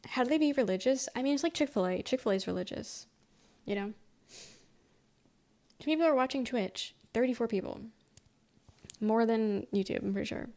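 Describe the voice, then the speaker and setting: A soft-spoken woman streamer rambling through a story in casual chat, swearing freely. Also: a little high, expressive, brisk, long pauses.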